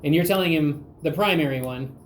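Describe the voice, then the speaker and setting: A woman interviewing an older relative, retelling her own story in an animated way with quick asides. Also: sits low, a little hiss or hum. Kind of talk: conversational storytelling.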